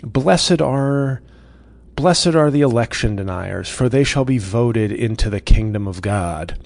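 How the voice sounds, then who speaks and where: A man doing a slow mock preacher. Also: medium pitch, lively intonation, gravelly, darkish tone, no room sound. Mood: mock solemn. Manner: slow, sermon-like cadence. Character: mock-solemn male preacher reciting beatitudes.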